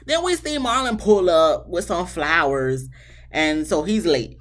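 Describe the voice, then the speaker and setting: A woman's voice: on the low side, unhurried. A woman giving a casual, sassy recap of a reality TV episode, talking back to the people on screen. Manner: animated, sassy, talks back to the cast.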